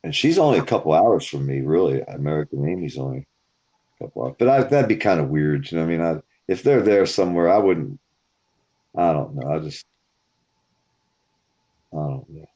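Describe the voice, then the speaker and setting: A man hosting a live stream, telling stories in a profane, animated way. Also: rumbling low, a little fast, long pauses, husky. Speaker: stream host. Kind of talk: casual storytelling chat. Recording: dull lo-fi stream audio.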